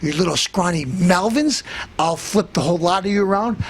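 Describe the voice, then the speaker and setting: A man hosting a comedy show, ranting in a boastful tough-guy manner, threatening to beat everyone up and breaking into shouts. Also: sits high, normal speed, slight background noise. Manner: bursts into shouting. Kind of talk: comic tough-guy rant.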